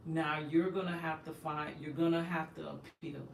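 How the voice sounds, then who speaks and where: A woman's voice: deep voice, little pitch movement, moderate pace, few pauses. Impassioned woman, echoey and far off. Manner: emphatic, impassioned, indignant. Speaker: host. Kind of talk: emotional personal storytelling. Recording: echoey room, distant from the mic, faint background noise.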